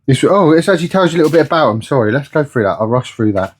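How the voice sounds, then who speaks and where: A man talks in an easy, rambling way for his vlog, his pitch sitting in a middling range. He keeps tripping over tricky words and going back to fix them, chatting indoors at home. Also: lively intonation, racing. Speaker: vlogger. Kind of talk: casual vlog chat.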